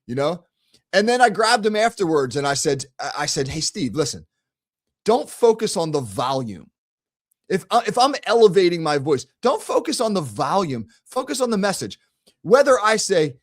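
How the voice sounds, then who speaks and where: Middle-aged guy coach talking straight at you, blunt and emphatic, repeats himself a lot, voice sits a little high. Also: very animated, normal speed. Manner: blunt, emphatic, repeats key phrases, self-correcting restarts. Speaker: coach and show host. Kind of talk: energetic coaching talk to camera.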